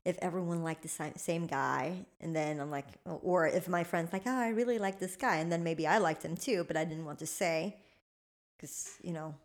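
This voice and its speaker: A woman's voice: low voice, steady tone, moderate pace. A woman co-hosting a podcast in casual chat, talking reflectively and often murmuring agreement. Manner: thoughtful, reflective, frequent affirming murmurs. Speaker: podcast co-host and trainer.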